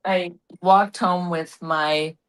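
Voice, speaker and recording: Giggly lower-voiced middle-aged woman. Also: steady tone, slow pace, low-quality recording. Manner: giggly, laughs often. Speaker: guest, host's mother. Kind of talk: casual chat. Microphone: video call from a vacation room.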